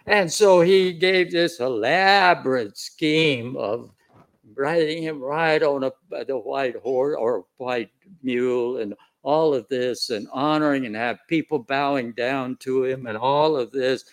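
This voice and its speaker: Slow, folksy male preacher. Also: mid-range voice. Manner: folksy, conversational, with chuckles and restarts. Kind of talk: sermon, retelling a scripture story.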